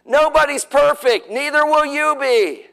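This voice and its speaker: A man's voice: very high voice, a little slow, vocal fry, a bit bright, rough recording. A middle-aged man preaching on marriage, telling folksy stories with acted-out dialogue. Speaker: pastor. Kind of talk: sermon on marriage, with his wife.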